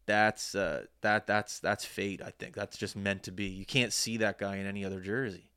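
A man's voice: lowish voice, normal speed, few pauses, clear, resonant tone. A young man from Canada's East Coast, co-hosting a casual sports podcast and rambling with lots of restarts. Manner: rambling, animated, restarts mid-sentence. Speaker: podcast co-host.

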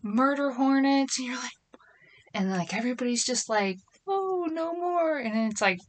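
A woman's voice: a little high, normal speed. Middle-aged woman rambling on her podcast, chatty, laughs at herself, closet recording. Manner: chatty, rambling, self-deprecating. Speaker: podcast host. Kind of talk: casual solo podcast chat. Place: small closet at home. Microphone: phone and computer.

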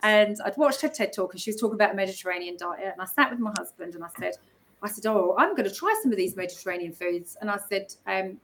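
A woman telling a personal story in casual conversation, animated and often laughing. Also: mid-range voice, fast talker. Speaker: guest speaker.

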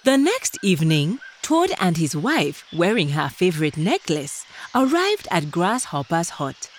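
Woman storyteller for kids; expressive, unhurried, faint music bed. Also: fairly low pitch. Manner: gentle, expressive, addresses young listeners. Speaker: storyteller for children. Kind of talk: children's story narration.

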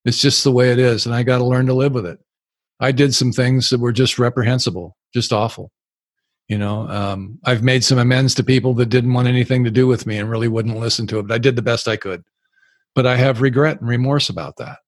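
A man's voice: medium pitch, fairly even intonation, brisk, no room sound, studio quality. An older man speaking as a recovery speaker and sponsor, telling stories frankly and plainly during a live Q and A talk. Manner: frank, plain-spoken storytelling. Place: live event.

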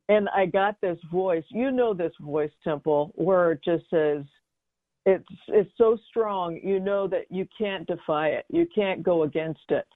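A woman's voice: medium pitch, no echo. A middle-aged woman telling a personal story as an interview guest, chatty, with many fillers and restarts. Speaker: guest, baking mix business founder. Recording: dry, tinny phone-like line.

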